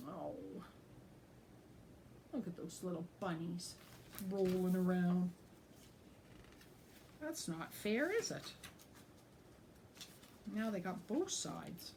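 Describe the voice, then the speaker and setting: A woman teacher reading a picture book aloud to children, animated and pausing to explain the pictures. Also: lowish voice, a little hiss or hum. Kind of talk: storybook read-aloud for children.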